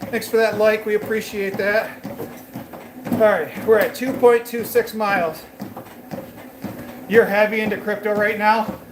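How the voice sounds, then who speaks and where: Chatty high-voiced man on a treadmill. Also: little pitch movement, unhurried, long pauses, reverberant, noisy background. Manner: loose and rambling, many fillers. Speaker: fitness livestreamer. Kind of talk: casual chat while working out, talking to viewers.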